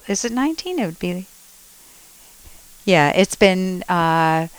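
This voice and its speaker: A middle-aged woman hosting a radio call-in advice show, counseling a caller gently and reassuringly, with soft laughs. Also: fairly low pitch, big pitch swings, slow pace, smooth, no echo, poor audio.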